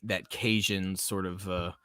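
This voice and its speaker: A man's voice: low-pitched, little pitch movement, measured pace, sharp tone, clean tone, dry recording, studio quality. A man from the American South hosting a casual live podcast stream, rambling, laughing often and reading chat comments aloud. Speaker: podcast host.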